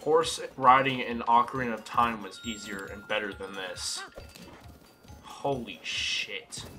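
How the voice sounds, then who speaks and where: A man's voice: on the low side, steady tone, a little slow, over music. A young man giving casual let's-play commentary as a gaming YouTuber, swearing and ranting in exasperation at the game.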